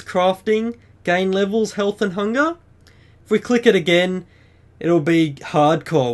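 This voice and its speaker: A man with a fairly high voice hosts a game tutorial. He chats casually and keeps an upbeat tone while walking the listener through each setting one step at a time. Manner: chatty, upbeat, explains step by step. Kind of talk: screen-recorded game walkthrough.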